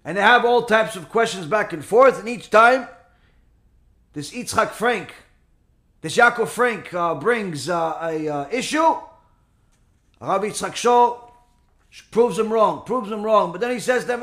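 A man's voice: high-pitched, expressive, slow pace, pauses often, fairly bright tone, roomy sound. A man telling a religious story as a sermon, dramatic and acting out scenes with sound effects.

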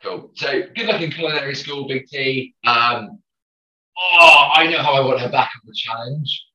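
A man co-hosts a podcast, jokey and upbeat, stumbling a little at the start of his sentences. His voice is bright and forceful. He sounds distant from the mic in a roomy space, on a dull, lo-fi recording. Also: mid-range voice, moderate pace. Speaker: podcast co-host. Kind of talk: casual podcast chat.

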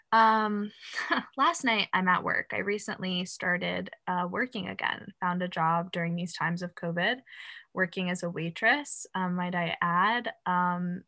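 A young woman co-hosting a podcast, telling a story in a casual, rambling way with lots of "like" and fillers. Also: on the low side. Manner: animated, rambling with many fillers and "like". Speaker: podcast co-host.

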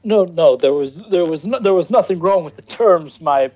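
A man's voice: high-pitched, animated, moderate pace, darkish tone, lo-fi sound. A man playing a tabletop game, nervous and stumbling over his words. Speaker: player.

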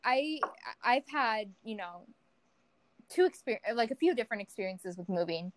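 Lively young woman telling a story. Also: normal speed, slight background noise, rough recording. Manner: animated storyteller, acts out quoted voices with big pitch jumps. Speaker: podcast co-host. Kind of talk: casual chat.

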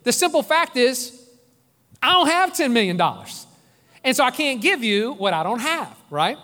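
A man's voice: very high voice, sing-song, moderate pace, bright, forceful tone. A man in his forties, a pastor delivering an earnest, emphatic sermon with repeated phrases. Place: church sanctuary. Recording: echoey hall reverb.

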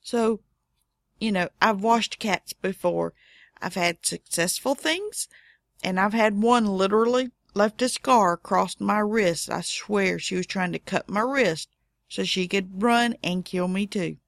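Slow, wry middle-aged woman storyteller. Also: medium pitch, vocal fry, no room sound, studio quality. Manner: wry, deadpan asides. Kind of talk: casual anecdote telling.

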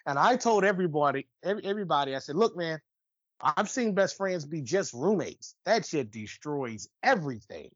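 A man's voice: fairly high pitch, moderate pace, no room sound, muffled recording. A man co-hosting a podcast, ranting in casual chat with lots of swearing and restarts. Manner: animated, swearing, rambling rants with restarts. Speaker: podcast co-host.

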